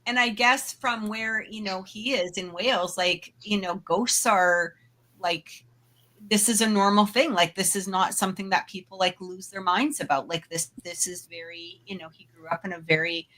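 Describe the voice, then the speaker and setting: A woman's voice: medium pitch, steady tone, normal speed, sharp tone. A woman co-hosting a paranormal talk show, casually telling a personal story with lots of fillers and asides. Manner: chatty, full of fillers and asides; laughs readily while telling. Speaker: podcast co-host.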